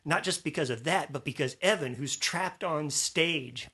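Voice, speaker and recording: A man with a bright, forward voice and a slightly husky edge tells a story in casual conversation. He talks in an animated way and acts out what other people said. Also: a little high, normal speed. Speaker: former student telling a story.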